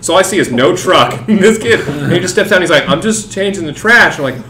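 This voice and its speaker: A man's voice: high-pitched, animated, rapid-fire, fairly bright tone. A man from Missouri telling a story at a gaming table, swearing and laughing as he goes. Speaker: player. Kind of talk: casual chat at a gaming table. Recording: roomy echo, people chatting around.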